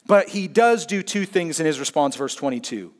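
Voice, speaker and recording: A man preaching a sermon, telling a story expressively and swinging between hushed asides and emphatic points. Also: fairly high pitch, animated, moderate pace. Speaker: pastor.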